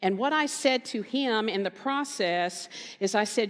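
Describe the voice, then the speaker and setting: A woman minister giving a conversational sermon, telling a story with animated quoted voices and emphatic repetition. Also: mid-range voice, moderate pace. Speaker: guest minister. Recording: reverberant hall.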